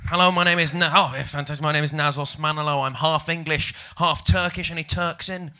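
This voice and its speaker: Theatrical mock-posh stand-up comic. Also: male voice, fairly high pitch, steady tone, a little fast, sharp tone. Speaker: stand-up comedian. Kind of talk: stand-up set.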